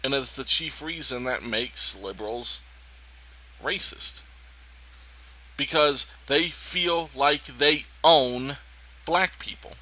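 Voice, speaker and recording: A man giving indignant, emphatic political reaction commentary on a video clip, pausing to talk over it. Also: mid-range voice, sharp tone, rough recording.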